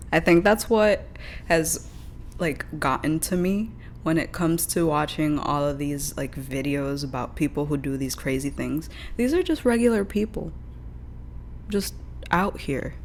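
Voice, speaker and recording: A young woman with a notably deep voice streams her reactions in casual, blunt commentary. She tosses out wry, profane asides between clips, with faint noise underneath.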